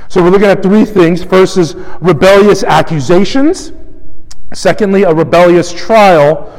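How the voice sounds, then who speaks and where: A male pastor preaching a sermon in a conversational, animated way, often acting out the complaints he quotes. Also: high voice, a little slow, in a large hall, rough recording.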